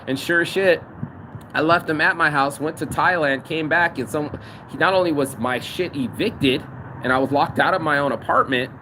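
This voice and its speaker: A man ranting and telling stories with heavy swearing, recording himself on his phone out in the city. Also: fairly high pitch. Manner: profane, venting, storytelling. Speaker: vlogger. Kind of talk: outdoor rant vlog. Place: outdoors in a city. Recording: noisy outdoor street recording. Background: traffic and street noise.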